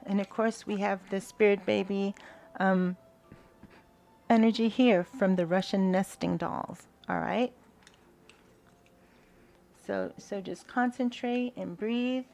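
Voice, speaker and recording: Woman, tarot reader, slow unhurried delivery, soft-spoken, hesitant, prayerful. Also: mid-range voice, steady tone, gravelly. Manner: invocation-like gratitude prayer. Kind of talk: spiritual reading to viewers.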